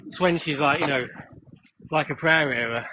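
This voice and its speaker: A man's voice: on the high side, normal speed. A man chatting casually with a friend while walking outdoors, telling a story eagerly. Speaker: friend on the stream. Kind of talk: casual chat. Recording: lo-fi phone stream with faint noise.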